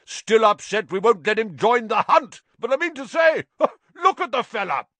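A boisterous headless ghost knight hollers and jeers in a raised, hearty voice, as a man reading a storybook plays him. He speaks high and loud, full of rough good humour at another's expense. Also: normal speed, dry recording, exaggerated voice. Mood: jeering. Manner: hearty, shouting and mocking.

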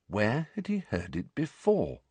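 A man narrating a story in a measured, expressive way. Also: fairly low pitch, breathy edge, dry recording. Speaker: audiobook narrator. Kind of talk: scripted narration.

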